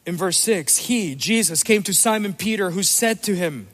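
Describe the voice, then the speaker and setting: High-voiced male pastor preaching in a hall. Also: normal speed, hardly any pauses. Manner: emphatic, animated preaching with playful asides. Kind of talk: sermon.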